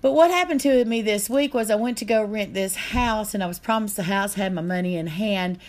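A woman's voice: medium pitch, brisk. A middle-aged woman, telling a painful story in an earnest, aggrieved way. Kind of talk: casual chat.

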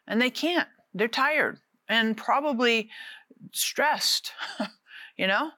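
A woman preaching a casual, conversational sermon, animated and often repeating words. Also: on the high side, takes it slowly, no room sound.

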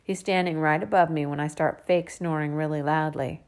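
A woman narrating a first-person children's story in a lively, expressive way. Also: low voice, normal speed. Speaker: audiobook narrator.

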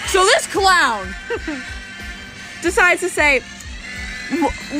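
A young woman telling a story in casual chat, animated and swearing as she talks. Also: a little high, measured pace, long pauses, over music. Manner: animated, swearing, laughing often.

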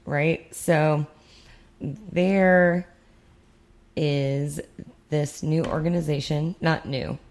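A woman's voice: sits low, fairly even intonation, drawn-out words, long pauses, darkish tone. A young woman from the United States co-hosting a podcast in casual, rambling chat with sarcastic asides. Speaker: podcast co-host.

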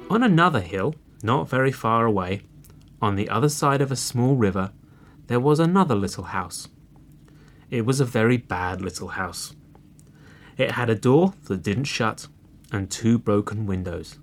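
A man reading a folk tale aloud as a storybook narrator, expressive and unhurried. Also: mid-range voice.

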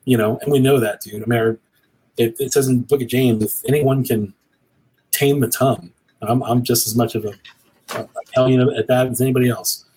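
A man's voice: mid-range voice, steady tone, a little fast, mellow, slightly rough, poor audio. A middle-aged man talking earnestly and rambling a little, like a preacher, as a guest on a cigar show. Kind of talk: casual conversation.

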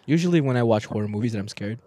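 Animated young man, lively casual chat. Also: fairly low pitch, rapid-fire, no echo. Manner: animated, laughs often, says dude and man. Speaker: podcast co-host.

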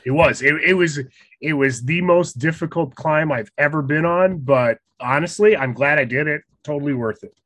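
A man's voice: a little high, normal speed, fairly bright tone, dry recording. A man in a casual chat, recounting a hard outdoor trip with self-mocking humor and frequent laughter. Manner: laughs often, self-deprecating.

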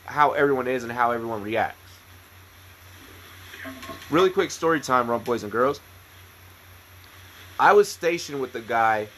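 Husky-voiced man telling a profane story. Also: medium pitch, fairly bright tone. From United States. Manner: profane, rambling, many restarts. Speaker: podcast co-host, military veteran. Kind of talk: casual chat, storytelling.

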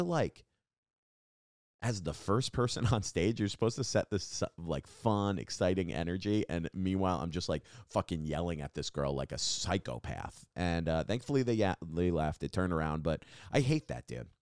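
A young comedian tells stories to his podcast audience in a deep voice that swings widely as he acts out other people. He swears freely and keeps it casual. The sound is dry and close. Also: darkish tone, dry recording. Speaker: podcast host and stand-up comedian. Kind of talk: casual storytelling monologue.

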